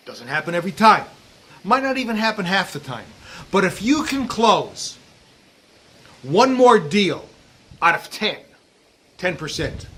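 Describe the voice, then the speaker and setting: A middle-aged man giving sales coaching to camera outdoors, talking emphatically with drawn-out stresses and dropping low at times. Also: bright, forceful tone. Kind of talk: direct-to-camera coaching talk. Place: outdoors in a breezy warm place. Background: wind noise.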